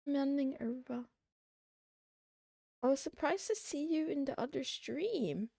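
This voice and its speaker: Woman streamer, slow unhurried chat, slightly high voice, excitable rambling with playful meows, dry close sound. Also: gravelly, no echo. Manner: rambling and excitable, meowing between remarks. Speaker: livestreamer. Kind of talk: casual chat to a live audience.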